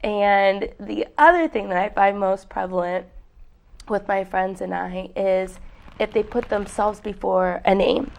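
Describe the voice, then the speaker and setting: A young adult woman talking casually in a measured way, laying out the speech habits that annoy her. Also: medium pitch, creaky. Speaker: daughter sharing pet peeves. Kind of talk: casual family chat.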